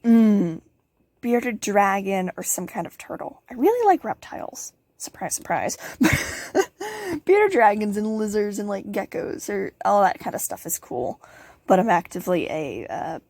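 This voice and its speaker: A woman's voice: mid-range voice, big pitch swings, unhurried, darkish tone, no room sound. A teenage girl hosting a casual question-and-answer vlog, bubbly and giggly, rambling with playful asides. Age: teens. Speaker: channel host.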